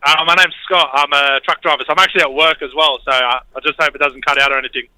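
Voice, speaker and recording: A man with an Australian accent calls in to a radio show and tells his story in a laid-back, halting way. His voice is slightly high and very bright, with a tense, forceful edge that carries over the line. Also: fairly even intonation, clear, resonant tone, no echo, low-quality recording. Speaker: caller. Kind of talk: phone-in story.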